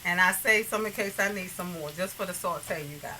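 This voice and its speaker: A woman's voice: lowish voice, a little fast, bright, forceful tone, a little hiss or hum, rough recording. A woman hosting a casual cooking tutorial in her home kitchen, chatty and homey, often calling viewers "you guys", with pots and dishes clinking behind her. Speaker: cooking channel host. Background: pots, pans and dishes clinking.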